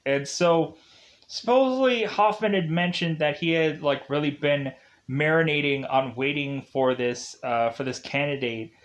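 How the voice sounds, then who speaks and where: A man's voice: fairly high pitch, unhurried. Chatty man rambling through a recap. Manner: rambling, with frequent fillers and self-corrections. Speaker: movie reviewer. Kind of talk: casual plot recap.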